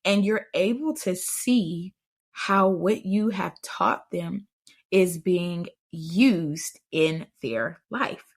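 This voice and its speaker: Low, gravelly woman chatting about parenting. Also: very slow. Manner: chatty storytelling, addresses listeners directly. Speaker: podcast host on parenting. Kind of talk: casual advice chat.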